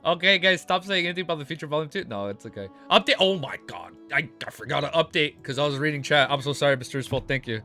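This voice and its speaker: A man on a live stream reads a novel aloud and keeps breaking in with excitable, profane reactions. His voice sits a little high and sounds bright and forceful. Soft music plays faintly behind him. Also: quick pace, hardly any pauses. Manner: excitable, swears freely, laughs often. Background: faint background music.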